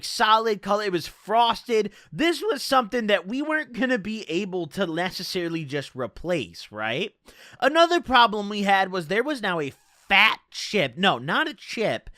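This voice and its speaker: A man's voice: high voice, sharp tone, dry recording, clean studio sound. A man in his twenties casually telling a rambling, profane story from his own life. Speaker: streamer.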